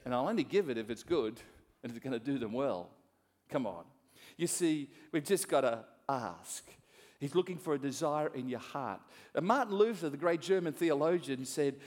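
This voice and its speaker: A middle-aged man from Australia preaching a sermon as a pastor, swinging between soft asides and loud emphasis. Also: medium pitch, expressive, normal speed.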